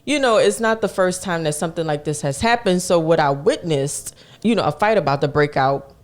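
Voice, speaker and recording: A man's voice: fairly high pitch, brisk. A young man hosting a podcast, telling a work story in a casual, chatty way and acting out the people in it. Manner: animated, acts out the people in his stories; colloquial, chatty. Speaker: podcast host.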